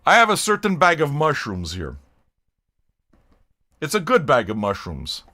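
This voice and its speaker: A man's voice: on the high side, wildly swooping pitch, measured pace, bright, forceful tone. An older man from Canada chatting loosely with his live-stream audience, rambling, swearing and joking. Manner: rambling, profane, joking with chat. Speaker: music reaction streamer. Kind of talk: casual live-stream chat.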